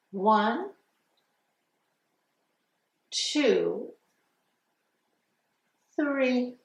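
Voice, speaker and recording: A woman hosting a children's story time, singing songs and reading a storybook aloud in an animated, sing-song way with animal sounds. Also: on the high side. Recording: roomy sound from a distant mic.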